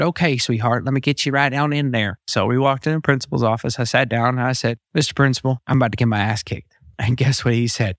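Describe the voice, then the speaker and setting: A man hosting a podcast, telling a story in a casual, profane, animated way and acting out the voices of the people in it. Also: medium pitch, dry recording, studio quality. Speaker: podcast host.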